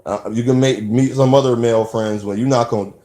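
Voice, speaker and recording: A man's voice: mid-range voice, fairly even intonation, brisk, dark tone. Earnest preachy man in an echoey room. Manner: earnest, preachy, with many restarts. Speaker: self-made video speaker. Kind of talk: unscripted spoken monologue.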